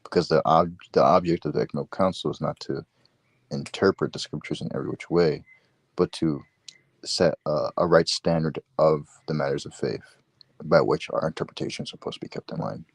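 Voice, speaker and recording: Very deep-voiced man from the Dominican Republic. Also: fairly even intonation, fairly quick, gravelly, husky, no echo. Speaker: guest. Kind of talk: casual chat and theology explanation.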